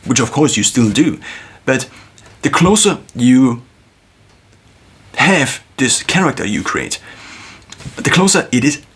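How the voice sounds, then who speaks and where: Husky man musing to camera. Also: medium pitch, sing-song, a bit bright. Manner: musing, thinks aloud with pauses and restarts. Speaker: video creator. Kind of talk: reflective solo monologue. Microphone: phone.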